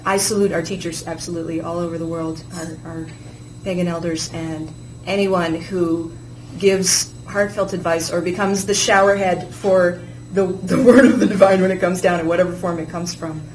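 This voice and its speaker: A woman's voice: fairly low pitch, flat delivery, moderate pace, darkish tone. A woman with a theater degree, speaking earnestly and reflectively as a guest on a talk show. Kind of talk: casual chat. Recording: echoey room with clear background noise.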